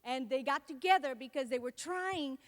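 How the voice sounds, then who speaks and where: A middle-aged woman from Latin America giving a comedic keynote talk, telling animated stories and acting out the people she quotes. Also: high voice, normal speed. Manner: animated storytelling, acts out quotes. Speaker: keynote speaker.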